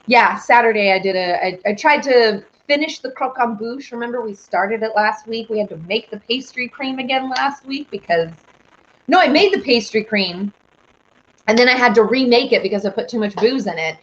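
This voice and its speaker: A bubbly young woman chats on a live stream, rambling and reading out viewer comments. Her voice sits fairly high for a woman. The sound is dull and lo-fi. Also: moderate pace. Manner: bubbly, squeals with excitement, rambling. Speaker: live-stream host and singer.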